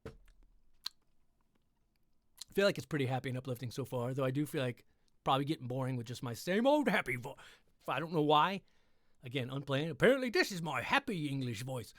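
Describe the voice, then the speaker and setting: A man chatting on his own livestream between readings, rambling with quick, self-deprecating asides from his computer setup. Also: medium pitch, lively intonation, dry recording. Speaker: livestream host reading stories. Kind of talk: casual chat on a livestream.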